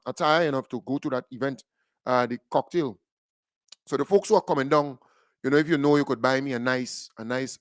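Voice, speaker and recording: A Grenadian man hosting a call-in radio show, talking in a lively, joking way with Caribbean creole phrasing. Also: mid-range voice, no echo, clean studio sound. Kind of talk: casual radio talk with a caller.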